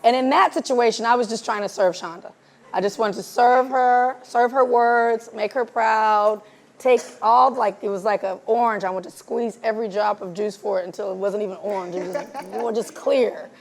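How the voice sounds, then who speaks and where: A woman's voice: fairly high pitch, moderate pace, gravelly. A woman film director as interview guest, chatting casually on stage and acting out the dialogue in her stories. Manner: animated storyteller, acts out quoted dialogue. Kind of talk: casual onstage conversation. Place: live event before an audience.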